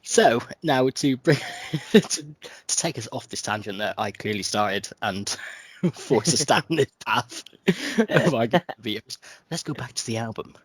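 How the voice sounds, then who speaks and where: A man's voice: medium pitch, expressive, a little slow, slightly rough, no echo. A man co-hosting a casual podcast, joking about himself and laughing often. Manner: jokey, self-mocking, laughs often. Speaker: podcast co-host. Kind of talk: casual chat.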